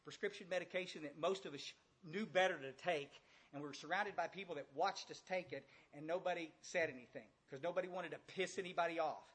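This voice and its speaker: A blunt older man with a drawl speaks to a large audience in a folksy recovery talk. His voice is husky and sits a little high for a man. He keeps repeating phrases and throwing direct questions out to the room. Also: fairly quick, a bit bright. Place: large room with a few hundred listeners.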